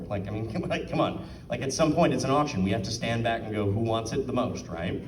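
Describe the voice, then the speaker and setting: A man's voice: mid-range voice, fast, a little mellow, recorded from a distance, a little hiss or hum. A man giving a casual talk at an art auction, asking his audience questions and acting out quotes. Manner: chatty, asks the audience questions, acts out quotes. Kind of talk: casual presentation to a live audience. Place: room with an audience. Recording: roomy sound from off the mic.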